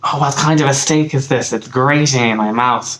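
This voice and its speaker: A man's voice: medium pitch, moderate pace, a bit bright, reverberant, voice pushed up, natural voice, poor audio. A man with an Irish accent voicing a huge, boastful, dim-witted giant who talks bluntly and is easily fooled. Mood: blustering.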